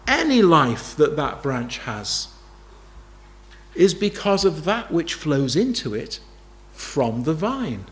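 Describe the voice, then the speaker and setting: A man's voice: a little high, sing-song, slow pace. A man preaching a sermon, emphatic, repeating key phrases and asking rhetorical questions.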